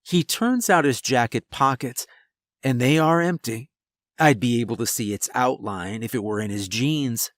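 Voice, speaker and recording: A man's voice: mid-range voice, normal speed, fairly bright tone, no echo, studio quality. A man narrating a first-person horror story in a tense, scripted delivery.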